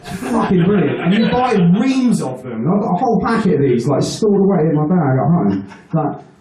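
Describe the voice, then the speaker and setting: A man's voice: high-pitched, sing-song, brisk, crowd noise. Swearing storyteller man in an echoey room. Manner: crude, rambling, laughs at his own jokes. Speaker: stand-up comedian. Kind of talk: storytelling stand-up set. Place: live venue with an audience. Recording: echoey room, mic heard from a distance.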